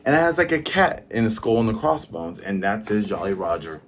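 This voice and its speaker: A man's voice: lowish voice, big pitch swings, fairly quick, a little hiss or hum. A man casually reviewing a manga chapter, retelling the plot and reading the characters' lines aloud. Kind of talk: casual commentary, reading along.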